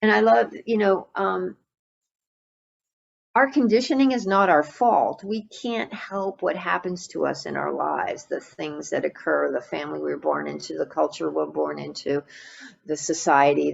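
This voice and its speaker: Gravelly-voiced woman giving a dharma talk. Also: deep voice, steady tone, a little slow, lo-fi sound. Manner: gentle, reflective, with frequent fillers and restarts. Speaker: meditation teacher.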